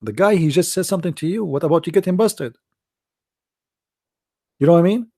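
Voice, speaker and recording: A man, a bit hoarse, talking in a casual commentary monologue with lots of fillers and restarts. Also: fairly high pitch, a little fast, dry recording, studio quality. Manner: animated, repetitive, many fillers and restarts. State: losing his voice, hoarse. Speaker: debate show host.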